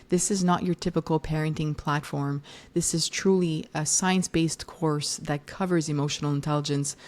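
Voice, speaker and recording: A woman in her thirties hosts a solo podcast on parenting, her voice sitting on the low side. She talks in a loose, conversational way, stopping to correct herself, and puts on livelier tones when acting out what moms say. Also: darkish tone. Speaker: podcast host and parenting educator.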